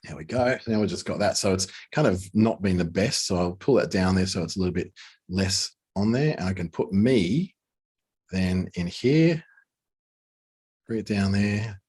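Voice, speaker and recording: Low husky male tutor, casual and thinking aloud, for a screen tutorial. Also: darkish tone. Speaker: design tutor. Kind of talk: screen-share software tutorial.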